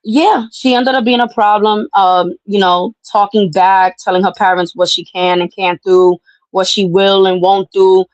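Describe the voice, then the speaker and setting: Woman host, loud and profane storyteller, mid pitch, dry close sound. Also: measured pace, no room sound, poor audio. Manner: brash, profane, animated storyteller. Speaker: podcast host. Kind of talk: casual storytelling chat.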